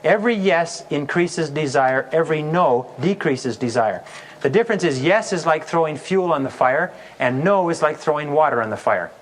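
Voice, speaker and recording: Male sales trainer, slightly higher voice, storytelling seminar delivery with acted customer lines. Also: lively intonation, moderate pace, a little hiss or hum. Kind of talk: recorded sales seminar talk.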